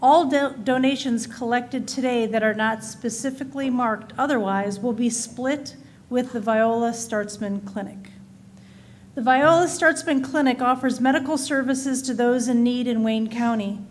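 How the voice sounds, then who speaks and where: A woman's voice: on the high side, moderate pace, a little hiss or hum. Woman reading the offering call. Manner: steady, formal reading voice. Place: church sanctuary.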